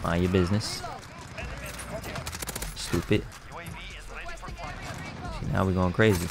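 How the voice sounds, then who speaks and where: A man commentating his own online shooter matches in casual slang, excitable, trash-talking other players and bursting into shouts. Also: deep voice, slow pace, creaky, loud music behind the voice. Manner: casual slang-heavy banter. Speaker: gaming YouTuber. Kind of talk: live gameplay commentary.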